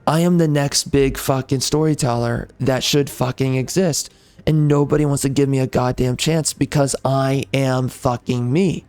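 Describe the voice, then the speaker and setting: A man's voice: medium pitch, steady tone, normal speed, a little mellow, smooth, no echo. A man who hosts a gaming channel, delivering a bitter, profane rant at his viewers. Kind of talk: angry rant to the audience.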